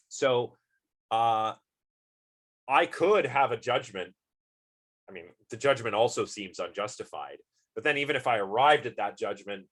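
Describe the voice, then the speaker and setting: A man's voice: medium pitch, a bit bright. A man lecturing on philosophy in an informal university class, thinking aloud through everyday examples and putting questions to the students.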